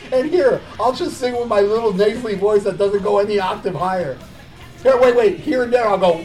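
A man's voice: high-pitched, lively intonation, a little fast, darkish tone, faint music behind. A man casually reviewing songs, sarcastic and crude, swearing and laughing as he talks. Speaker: podcast host reviewing albums.

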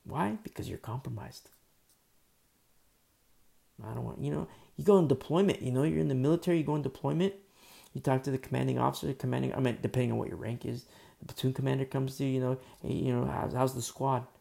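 A man preaches in an easygoing, conversational way, leaning on fillers and often sinking to a quiet murmur. His voice is heavily gravelly with a lot of fry and a dark, mellow tone. It sounds like a casual church message. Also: medium pitch, fast. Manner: informal, many fillers, drops to soft murmurs. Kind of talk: conversational sermon.

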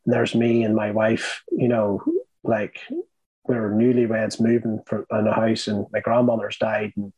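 A man's voice: on the low side, little pitch movement, normal speed, a little mellow, slightly rough, no room sound, low-quality recording. A middle-aged man with a Northern Irish accent telling his life story in a rambling, candid way, full of fillers and blunt swearing. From Northern Ireland.

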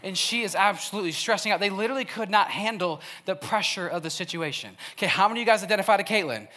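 A man's voice: high-pitched, lively intonation, fast talker, sharp tone. A young man from Wisconsin giving a storytelling sermon, chatty and laughing often, with lots of "like". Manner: casual and chatty, laughs often, heavy use of "like". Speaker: youth speaker. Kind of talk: storytelling sermon to a live audience.

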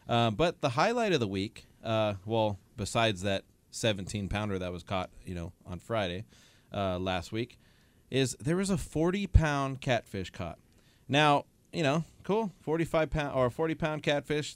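A man co-hosting a fishing radio show, telling a catch story with lively acted-out dialogue from a studio. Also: medium pitch, clean tone, dry recording. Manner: animated storyteller, acts out phone dialogue. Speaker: fishing report co-host. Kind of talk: casual radio talk.

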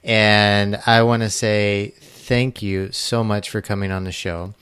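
A man's voice: lowish voice, little pitch movement, slow, a bit bright, smooth, dry recording. A man hosting an interview podcast, upbeat and laughing easily with his guest. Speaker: podcast host. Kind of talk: casual interview.

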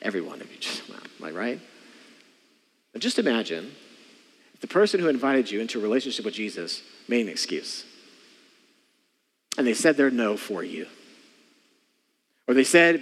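A man's voice: mid-range voice, big pitch swings, normal speed, pauses often, slightly rough, in a large hall. A man preaching a sermon as pastor, emphatic and leading the congregation in call-and-response. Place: church sanctuary.

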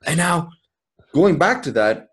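Man, husky voice, swears a lot, emphatic, laughs often, podcast chat. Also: on the high side, sing-song, unhurried. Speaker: podcast co-host. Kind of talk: casual chat.

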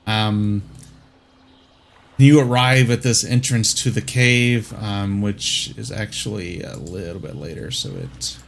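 A man running a tabletop game as game master, narrating in a relaxed way with many ums and restarts. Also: lowish voice, slow, vocal fry.

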